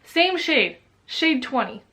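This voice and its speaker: A young woman talking about makeup in a casual vlog, dramatic and swearing, growing loud when excited. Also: high voice, takes it slowly. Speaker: beauty vlogger.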